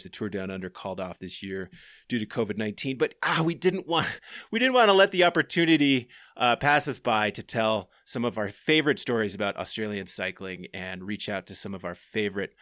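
A man with a lowish, slightly bright voice hosts a casual podcast chat from his home office, recorded cleanly in studio quality with no echo. He talks in a loose, rambling way, full of fillers.

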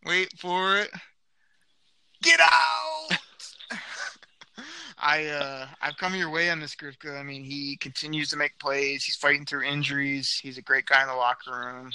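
A man co-hosting a casual sports podcast, hoarse and playful, breaking into loud shouted catchphrases. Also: mid-range voice, flat delivery, brisk, few pauses, dry recording, low-quality recording. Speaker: podcast co-host.

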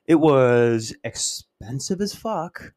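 A man's voice: mid-range voice, animated, takes it slowly, darkish tone. A man rambles through a casual podcast monologue, swearing freely and poking fun at himself. He tells his story in loose, winding asides, the way someone talks among friends. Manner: profane, storytelling, self-mocking. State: dry mouth. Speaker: podcast host.

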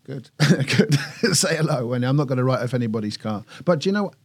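Husky-voiced man telling a lively story. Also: medium pitch, brisk. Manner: animated anecdote-telling, laughs often. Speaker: podcast host and storyteller. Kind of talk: casual podcast chat.

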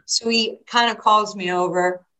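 Her mid-range voice keeps a measured pace over poor audio as this New York basketball coach shares stories during an interview. She brings them to life by acting out the quotes.

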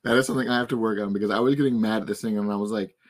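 Man, twenties, hoarse voice, low-pitched, casual podcast chat, animated storytelling. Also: very fast. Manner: animated storytelling, frustrated rants. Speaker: podcast host.

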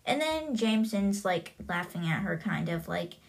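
A woman's voice: on the low side, sing-song, moderate pace, vocal fry. A young woman hosting a podcast, casually retelling a book's plot in a chatty way with many fillers. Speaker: podcast host.

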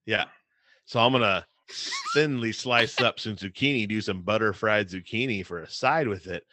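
A man's voice: lowish voice, moderate pace, sharp tone, no echo. A man co-hosting a podcast, chatting casually in a playful, jokey way. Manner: playful, jokey, breaks into goofy sing-song bits. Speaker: podcast co-host. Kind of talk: casual chat.

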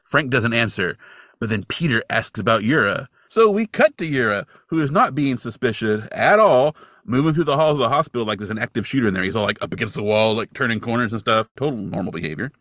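A man on a podcast recaps a TV episode, his pitch swinging widely as he jokes and mocks what the characters do. The voice is mid-pitched and sits close and dry on the mic. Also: fast, no room sound. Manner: animated and wry, jokes and mocks the characters while narrating.

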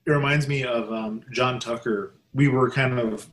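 A man hosts a podcast in loose, casual chat. He jokes easily and keeps the conversation moving in a relaxed way. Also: medium pitch, moderate pace, a little hiss or hum. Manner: relaxed, joking, leads the talk. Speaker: podcast host.

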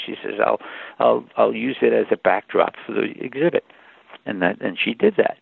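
An older man tells stories as a guest, his low voice deeply gravelly and husky. The sound is tinny and narrow like a phone line, and dry with no room around it. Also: brisk, no room sound. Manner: animated anecdotes with laughter. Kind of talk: storytelling interview.

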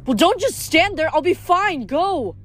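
A woman reading aloud, voicing a tough teenage girl fighter who grumbles bluntly in a low voice. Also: lively intonation, unhurried, faint music behind. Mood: grim, tough.

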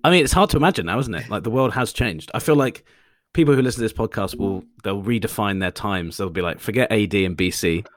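English man, podcast co-host, low voice, dry close sound, playful and self-mocking. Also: fast talker, no room sound. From England. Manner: animated, self-mocking, laughs at own jokes. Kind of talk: casual chat.

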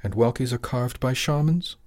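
A man voicing a calm, patient mother who speaks gently but with a firm edge. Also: mid-range voice, normal speed, dry recording, clean studio sound, pitched above the performer's own voice, lightly acted.

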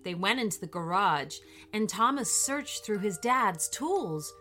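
A woman reading a children's bedtime story aloud in an expressive, lilting voice. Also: medium pitch, measured pace, faint music behind.

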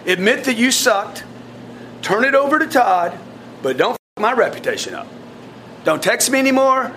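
High-voiced guy chewing out his sales team, blunt, repeats himself a lot, bit of background hiss. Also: normal speed. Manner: blunt, animated, repetitive restarts. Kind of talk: coaching talk to staff.

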